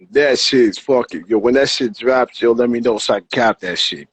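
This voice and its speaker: A man's voice: medium pitch, a little slow, slight background noise, poor audio. A man hosting a casual live interview, hyped and slangy, peppering his talk with "yo". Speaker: interview host. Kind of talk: casual livestream chat. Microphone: livestream.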